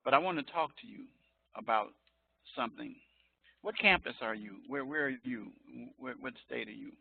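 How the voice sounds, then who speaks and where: A man's voice: medium pitch, lively intonation, normal speed, creaky, slightly rough, no room sound. Chatty older man on a tinny line. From Chicago. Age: 60s. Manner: chatty, joking, laughs often, digresses. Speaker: college professor. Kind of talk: informal online lecture. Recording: tinny phone-like line, dry.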